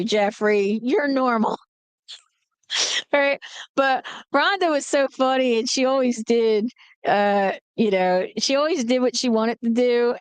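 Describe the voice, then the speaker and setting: Blunt, animated woman in her forties, storytelling to a live chat, smooth voice, dry close sound. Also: on the high side, no echo. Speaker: livestream host.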